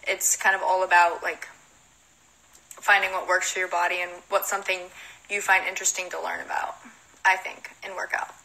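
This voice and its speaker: Young Southern woman, bright voice, chatty and giggly, live Q&A into a phone. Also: on the low side, flat delivery, normal speed, rough recording. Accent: Southern American. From Southern United States. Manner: chatty, giggly, reads questions aloud then answers. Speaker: model and musician answering fan questions. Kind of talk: casual livestream Q&A.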